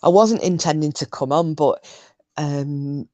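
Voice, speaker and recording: A woman's voice: low voice, a little slow, warm tone, no echo. A woman from Scotland chatting casually on a livestream, rambling and answering viewers' comments. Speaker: livestream host. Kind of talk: casual chat with live chat viewers.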